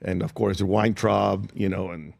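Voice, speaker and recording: A man, an actor guest in a studio interview, telling anecdotes in a lively, casual way. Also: on the low side, unhurried, vocal fry, dry recording. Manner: animated anecdotes with acted-out quotes. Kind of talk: studio interview chat, storytelling. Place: radio show studio.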